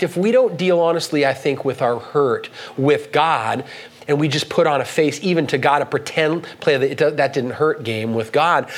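Male pastor, earnest sermon delivery, slightly higher voice, lifts his pitch for scripture readings.

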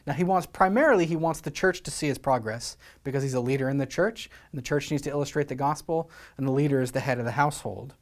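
A man's voice: mid-range voice, fast talker, hardly any pauses. A man from Scotland preaching a sermon as pastor, earnest and exhorting, with many rhetorical questions.

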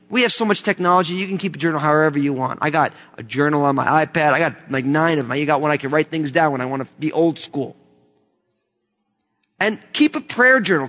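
A man's voice: high voice, fairly bright tone. A man from the United States preaching a sermon, emphatic and fervent, with many rhetorical questions. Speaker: pastor. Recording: long hall reverb.

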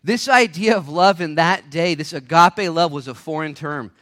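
Male pastor with a high voice, preaching with fire, drops to a hush then erupts. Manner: impassioned, swinging from hushed to shouting; rapid-fire rhetorical questions. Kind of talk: sermon. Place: church service.

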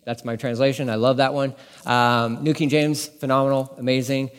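A man preaching a casual sermon as a pastor, animated and conversational, acting out bits of dialogue as he teaches. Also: on the high side. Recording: long reverb in a large room.

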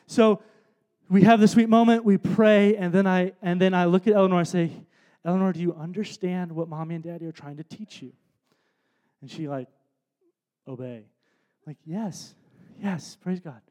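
A man in his thirties preaching a sermon from a stage, telling a family story with soft asides and loud emphatic bursts. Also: high-pitched, steady tone, fairly quick. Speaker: pastor. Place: stage before a congregation.

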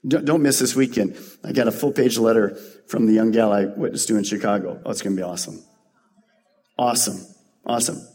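Man pastor giving a sermon, husky voice, earnest then punchy, long echo. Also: lowish voice, fairly even intonation, fast talker, warm tone. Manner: earnest, rising to emphatic peaks.

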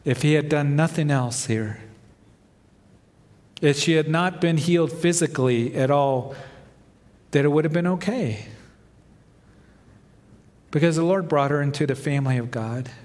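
A male pastor delivering a sermon, with rising emphasis and soft dramatic drops. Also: fairly high pitch, a little slow, pauses often. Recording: long reverb of a large hall.

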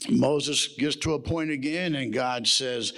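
A man's voice: mid-range voice, a little slow, fairly bright tone. A man preaching a sermon at a men's camp, telling stories in a folksy way with humorous asides. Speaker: camp speaker.

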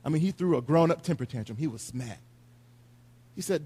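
A man delivers a sermon in a husky, slightly raised voice. He speaks earnestly and confesses his own failings, then retells scripture in plain, everyday words. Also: on the high side, lively intonation, fairly quick, warm tone. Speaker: preacher.

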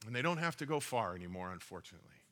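A man's voice: fairly low pitch, sing-song, rapid-fire, pushed and bright. A man preaching a sermon, reading scripture aloud and retelling a story in a conversational way. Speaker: pastor.

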